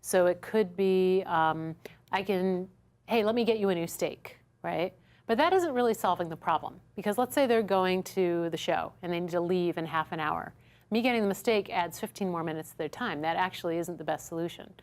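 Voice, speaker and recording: Lively woman teaching a service workshop. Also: on the low side, moderate pace. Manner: lively, acts out customer dialogues, keeps checking in with "right?". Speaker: instructor. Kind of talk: recorded workshop lesson. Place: studio classroom with a small audience.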